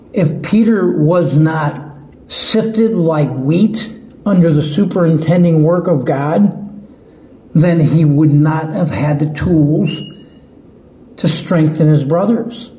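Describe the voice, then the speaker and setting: Male preacher, fairly high-pitched, unhurried and earnest, stumbling over restarts; roomy sound. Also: mellow. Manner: slow, earnest, halting with restarts. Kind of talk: sermon. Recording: echoey room.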